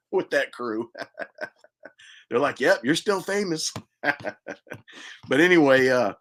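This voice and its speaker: A man's voice: mid-range voice, fairly bright tone. An older man hosting a podcast, telling a long, chatty personal story and laughing at his own tales. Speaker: podcast host.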